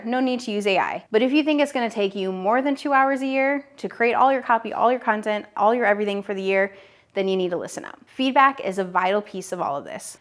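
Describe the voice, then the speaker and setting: This is a woman in her thirties giving a direct-to-camera business lesson. She is upbeat and direct and addresses the viewer personally. Her voice sits at a middling pitch. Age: 30s. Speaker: online business educator. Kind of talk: direct-to-camera teaching video.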